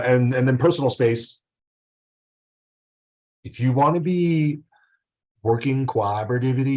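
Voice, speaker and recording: A male professor gives a recorded video lecture in a very low voice. He talks loosely and conversationally and keeps tossing in quick tag questions. The recording is dull and lo-fi. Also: darkish tone. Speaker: college professor.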